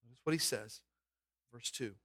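A man's voice: mid-range voice, normal speed, fairly bright tone, no room sound, studio quality. A man preaching a sermon in an emphatic way, asking rhetorical questions and dropping his voice to stress points. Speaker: pastor.

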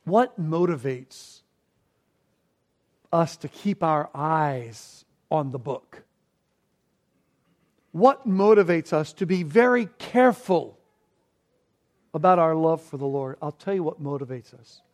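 Slow, high-voiced male preacher. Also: animated. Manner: preaching with emphatic rises and quiet dramatic drops; slow, deliberate delivery with repeated words. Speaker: pastor. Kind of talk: sermon.

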